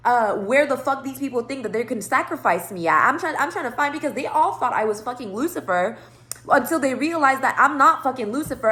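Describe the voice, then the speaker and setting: Woman vlogger with a slightly high voice telling a rambling, profanity-heavy story to camera, acting out both sides of the conversation. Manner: rambling, profane, animated retelling. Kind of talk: casual storytime monologue.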